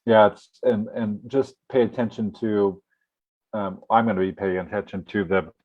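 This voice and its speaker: A man co-hosting a political talk show, speaking casually with a hesitant delivery full of pauses and restarts. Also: lowish voice, fairly even intonation, lo-fi sound. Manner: hesitant, many fillers and restarts.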